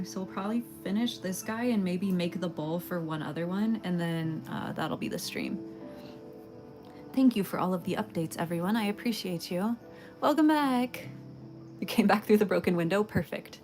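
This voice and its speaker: A young woman streamer with a somewhat low voice talks casually to her chat, bubbly and quick to giggle. Faint game music plays softly in the background. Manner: bubbly, giggly, chatting to viewers. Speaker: livestreamer.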